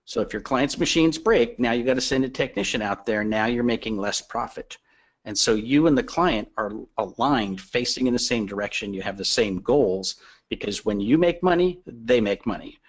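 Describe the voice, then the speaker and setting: A man's voice: medium pitch, lively intonation, moderate pace. A man appearing as a guest expert on a webinar, explaining business advice in a conversational, persuasive way with anecdotes.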